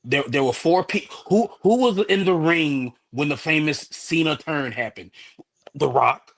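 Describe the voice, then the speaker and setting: Guest, man, relaxed rambling casual chat. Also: on the high side, unhurried, gravelly. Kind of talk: casual chat reacting to wrestling.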